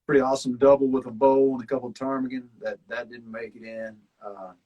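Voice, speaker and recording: In a muffled recording, a man with a Southern accent and mid-range voice talks quickly and casually about being on a survival show. He's a former contestant, reflective, relaxed, and rambling, with many fillers.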